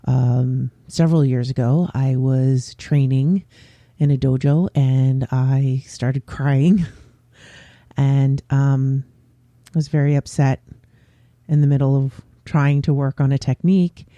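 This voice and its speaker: A man hosting his own podcast, talking openly in a casual, unscripted way with pauses and fillers. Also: medium pitch, steady tone, mellow, no echo, muffled recording. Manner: candid and open, with frequent pauses and fillers. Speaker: podcast host. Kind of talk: casual solo podcast chat.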